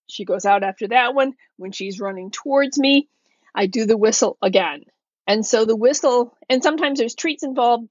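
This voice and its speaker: A woman dog trainer explaining her methods in a steady, casual chat. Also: on the high side, breathy edge, no echo, highs cut off.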